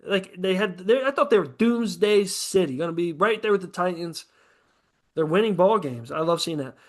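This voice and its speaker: A man's voice: sits high, lively intonation, moderate pace. A man co-hosting a casual sports podcast, rambling and profane about football teams. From American Midwest. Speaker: podcast co-host.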